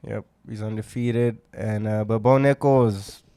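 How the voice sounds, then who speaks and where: A man trading boastful jokes on a podcast. His voice is smooth and clear, recorded close and dry on a podcast mic. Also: lowish voice, steady tone, unhurried, warm tone, dry recording. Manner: joking, boastful banter. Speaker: podcast co-host. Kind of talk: casual chat.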